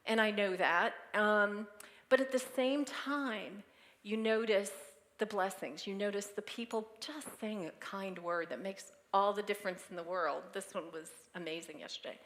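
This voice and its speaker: A middle-aged woman giving a Sunday message as minister, personal and tender, speaking of grief with soft laughs between thoughts. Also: medium pitch, normal speed. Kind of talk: sermon.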